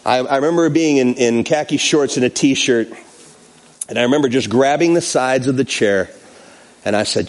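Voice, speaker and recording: During a sermon, a pastor recounts a personal story and acts out the quoted lines with lots of animation. His voice is male, medium in pitch, and he speaks at a normal speed.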